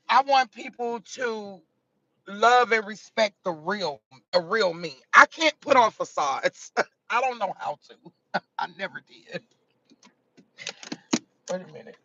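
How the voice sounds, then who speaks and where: A woman's voice: mid-range voice, bright, forceful tone, dry recording. A woman content creator chatting candidly and profanely in a casual vlog from a car, laughing often. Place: in a car on the way to work. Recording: dull lo-fi sound.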